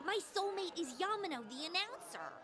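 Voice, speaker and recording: A woman voicing a lively, outgoing teenage schoolgirl in a video game. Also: very high voice, brisk, heavily acted. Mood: chatty. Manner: chatty and outgoing.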